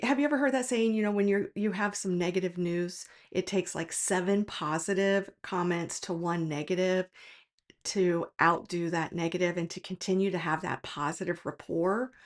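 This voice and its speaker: A woman speaks in a casual vlog about her work as a tutor, telling a personal story frankly and reflectively. Her voice sits at an ordinary middle pitch. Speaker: tutor and tutoring business owner.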